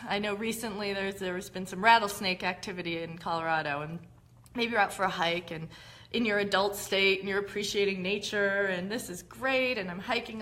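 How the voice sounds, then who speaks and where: A woman's voice: medium pitch, fairly bright tone. A woman hosting a live-streamed talk, explaining ideas in a conversational, explanatory way. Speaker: host.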